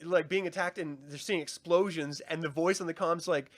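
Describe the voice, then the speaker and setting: Young man, casual show review, excitable and profane, slightly high voice. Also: normal speed. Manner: excited, swears often, acts out scenes in quoted voices. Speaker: podcast co-host.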